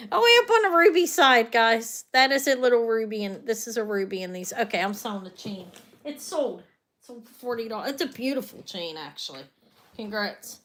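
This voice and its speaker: A woman's voice: medium pitch, slight background noise. A woman hosting a live online jewelry sale, chatting loosely and often trailing off mid-sentence. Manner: chatty, rambling, trails off and restarts.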